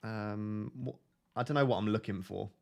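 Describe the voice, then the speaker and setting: A man's voice: fairly low pitch, fairly even intonation, moderate pace, vocal fry. A man hosting a casual fantasy football live stream, reading viewer comments aloud and joking and laughing with them.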